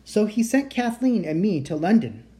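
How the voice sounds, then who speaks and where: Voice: mid-range voice, big pitch swings, moderate pace, mellow, pitched above the performer's own voice, natural voice. A reader voicing a polite teenage boy enchanter who speaks in formal, old-fashioned phrasing. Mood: earnest.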